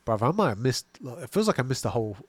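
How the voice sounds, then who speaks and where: A man's voice: medium pitch, sing-song, fast, slightly rough, no room sound. A British man co-hosting a podcast, chatting casually and reading out viewer comments with easy laughs and loose swearing. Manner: easygoing, laughs and swears freely. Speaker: podcast co-host.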